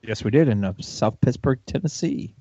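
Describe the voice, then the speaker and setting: A man's voice: mid-range voice, moderate pace, mellow, no room sound. A man from Ohio co-hosting a radio show, joking and laughing through casual chat. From Ohio, USA. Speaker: co-host. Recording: slightly muffled dry sound.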